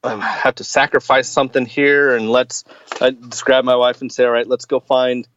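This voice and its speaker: A man's voice: medium pitch, little pitch movement, normal speed, fairly bright tone. Hesitant man on a dull lo-fi line. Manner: hesitant, many fillers and restarts. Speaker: podcast guest. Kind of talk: casual chat.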